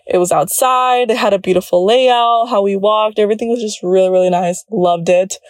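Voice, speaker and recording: A woman's voice: mid-range voice, a little mellow, dry recording, studio quality. A woman in her early twenties hosting a solo podcast, chatting in a bubbly way, laughing often and slipping between English and Spanish. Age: early 20s. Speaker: podcast host.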